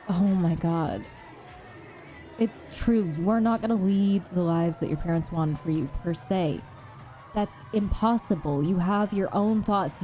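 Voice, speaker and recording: A woman's voice: medium pitch, warm tone. A woman streamer reading a visual novel aloud, then gushing over it in an earnest, emotional way.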